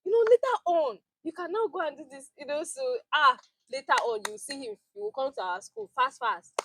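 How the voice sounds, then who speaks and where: A woman's voice: sits high, brisk, a little hiss or hum, rough recording. Nigerian woman chatting, swoops all over, acts out what people said, laughs a lot. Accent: Nigerian English. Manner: animated storyteller, acts out quotes, laughs often. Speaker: teaching fellow sharing experience. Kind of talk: casual group chat.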